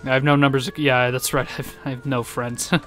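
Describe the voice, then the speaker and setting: A man's voice: medium pitch, flat delivery, moderate pace, fairly bright tone. A young man casually commenting over his gameplay, making sarcastic jokes and laughing often. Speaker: gaming YouTuber.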